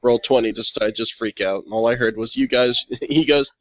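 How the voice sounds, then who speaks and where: A man's voice: medium pitch, fairly quick, a bit bright, dry recording. Chatty man player on a call. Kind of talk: casual chat over an online call. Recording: dull, dry online call audio.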